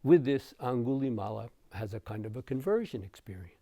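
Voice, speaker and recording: A man giving a dharma talk as a meditation teacher, telling a story in an unhurried way with soft chuckles. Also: medium pitch, expressive, no room sound, clean studio sound.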